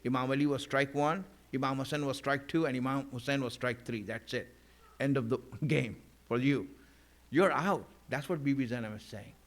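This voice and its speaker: A man's voice: medium pitch, a bit bright. A man delivering a sermon in a conversational way, with many "you know" fillers and emphatic repeated lines. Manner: emphatic repetition of key lines. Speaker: preacher.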